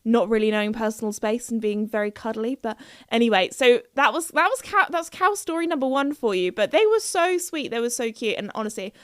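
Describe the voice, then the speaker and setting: A young woman hosting her own podcast, chatting casually and bubbly, often giggling and squealing with excitement. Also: on the high side, brisk, no echo, clean studio sound. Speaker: podcast host.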